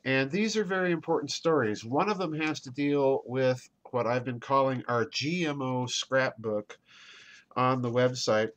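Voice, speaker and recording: A man hosting a news commentary, reading articles aloud in a measured, deliberate way and marking quotes as he goes. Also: mid-range voice, fairly bright tone. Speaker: host.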